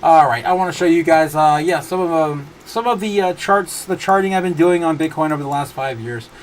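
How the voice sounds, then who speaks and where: Guy hosting a chill stream, kinda high voice, keeps cracking up laughing, lots of uhs. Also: brisk, slight background noise. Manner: giggly, often breaks into helpless laughter; rambling, many fillers and restarts. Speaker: livestream host. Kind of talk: casual livestream chat, reading viewer comments.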